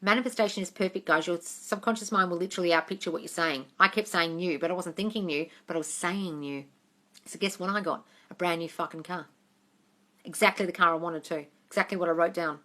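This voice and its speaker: A manifestation coach takes live questions from viewers on a casual stream, speaking briskly in a lowish, pushed, bright voice. She's frank and emphatic, swears freely, and calls everyone darling.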